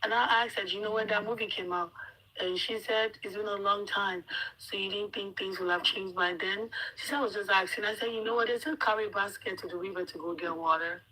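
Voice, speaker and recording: A woman chatting casually among friends, telling animated stories and mimicking the people in them. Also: medium pitch, brisk, low-quality recording. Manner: animated storytelling, mimics others. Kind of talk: casual chat.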